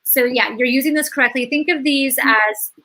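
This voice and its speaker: Bright, high-voiced woman explaining skincare. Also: normal speed, slight background noise, rough recording. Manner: explanatory, many fillers. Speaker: skincare brand educator. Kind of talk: live-stream product chat.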